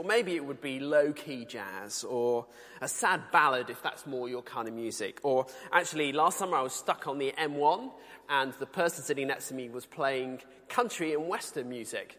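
A man from the UK preaching a sermon in a conversational, earnest way, slowing down to read scripture. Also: mid-range voice, fairly bright tone, long reverb tail. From United Kingdom.

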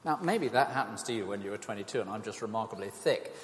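A man's voice: on the low side, fast talker, a little hiss or hum. Man giving a talk in a reverberant hall. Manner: conversational, self-deprecating, animated storytelling. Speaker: speaker at an evangelistic talk. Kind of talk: evangelistic talk with anecdotes.

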